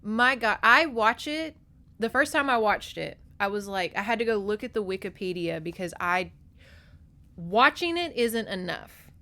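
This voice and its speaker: Animated, swearing woman podcast host. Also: mid-range voice, normal speed. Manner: animated, profane, laughs often. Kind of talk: casual chat, book recap.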